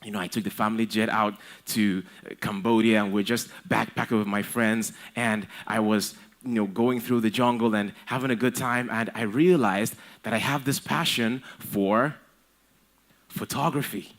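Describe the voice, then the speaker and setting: A man's voice: on the low side, steady tone, moderate pace, a bit bright. A man voicing an eager young son, gushing to his parents about his dream. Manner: gushing, breathless enthusiasm.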